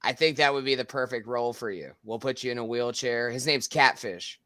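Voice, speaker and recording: A man's voice: medium pitch, a little fast, pushed and bright, no room sound. A man in casual podcast banter, joking, crude and stumbling over his words.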